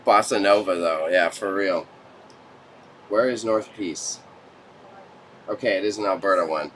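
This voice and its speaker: A man's voice: low voice, unhurried, pauses often, fairly bright tone, a little hiss or hum. A young man hosting a casual live stream from a studio set, chatting and joking with his chat and laughing often. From Canada. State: sweating under studio lights. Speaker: livestream host.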